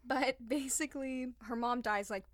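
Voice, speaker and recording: A young woman co-hosting a podcast tells a history story in a chatty, casual way, filling it with "like" and acting out the quotes. Her fairly high voice moves at a normal speed, with no echo.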